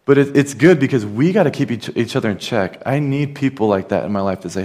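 A man's voice: medium pitch, brisk, hardly any pauses, a little mellow. A man preaching a sermon in an earnest, conversational manner, with casual asides. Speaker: pastor.

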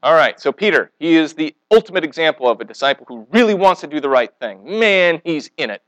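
A man's voice: on the high side, lively intonation, fairly quick, a bit bright, no room sound, rough recording. A man preaching a sermon, telling stories animatedly, acting out the quoted speakers and asking the congregation questions.

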